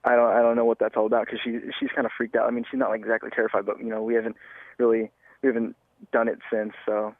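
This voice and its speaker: A man's voice: mid-range voice, monotone, racing, no room sound. An eighteen-year-old man calling into a radio show, hesitant and rambling, heard over a tinny phone line. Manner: hesitant, rambling, full of fillers. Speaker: caller. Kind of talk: phone-in call.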